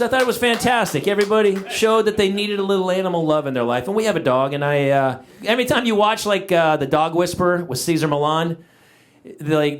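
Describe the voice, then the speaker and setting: A middle-aged man performing a stand-up comedy routine on stage, acting out the people in his stories in changing voices. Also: sits high. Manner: animated, acts out quoted family members in shifting voices. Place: comedy club stage before a live audience. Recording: live audience laughter around the voice.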